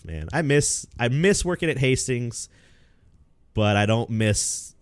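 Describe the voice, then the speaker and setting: A young man swaps stories on a casual podcast, swearing freely and laughing between lines. His pitch leaps and dips all over as he talks. The sound is dry and close, with no room around it. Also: slow pace, dry recording. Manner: profane, animated storyteller who laughs often. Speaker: podcast co-host.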